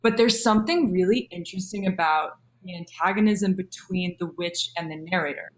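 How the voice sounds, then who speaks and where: A woman's voice: lowish voice, brisk. A woman on a talk show panel, speaking hesitantly and thinking aloud in a casual discussion.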